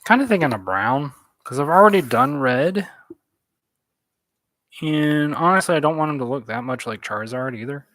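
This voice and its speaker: A man's voice: fairly high pitch, lively intonation, moderate pace, pauses often, a bit bright, dry recording. A man streaming himself painting, thinking aloud in a casual, musing, hesitant way. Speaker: artist streaming his painting. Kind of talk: casual live-stream chat while painting.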